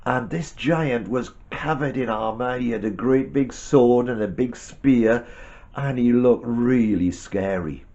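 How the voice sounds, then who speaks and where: A man telling a Bible story to a child in a gentle, animated way with chatty asides. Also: medium pitch, slow, highs cut off.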